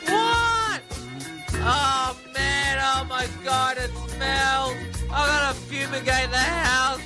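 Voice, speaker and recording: A man's voice: slow, over music. A man playing a fussy homeowner who complains in outraged disgust, groaning "oh" again and again. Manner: shrill outraged complaining, repeated "oh". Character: disgusted fussy male homeowner, house reeks.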